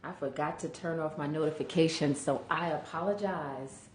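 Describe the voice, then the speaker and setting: A woman's voice: low voice, moderate pace, echoey room, a little hiss or hum. A woman career coach hosting a casual live stream, chatty and greeting viewers by name, sleepy from allergies.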